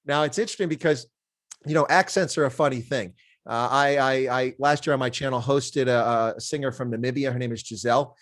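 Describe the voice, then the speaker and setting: Middle-aged American host, talks quickly, dry close sound, jokey and rambling. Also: male voice, mid-range voice, no echo. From United States. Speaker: interview host. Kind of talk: casual interview chat.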